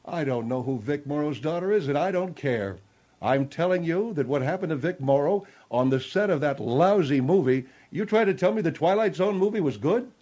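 A man doing a cranky, ranting loudmouth. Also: on the high side, expressive, normal speed. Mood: indignant. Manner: blunt, ranting, easily worked up. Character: cranky opinionated middle-aged man, a show regular. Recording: dull lo-fi radio sound.

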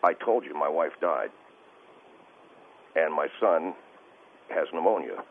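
A male caller on a radio show, talking in a halting, stammering and distressed way over the phone. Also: very deep voice, lively intonation, creaky. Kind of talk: call-in radio conversation. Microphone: telephone. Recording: tinny phone line with faint hiss.

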